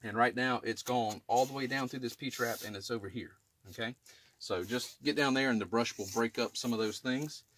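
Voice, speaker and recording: A middle-aged man working as an HVAC technician explains drain line cleaning in a residential attic, using a bright-ish mid-range voice at a moderate pace over faint background noise. He records himself on camera as he works, keeping the how-to casual and plain and checking in often with "okay?"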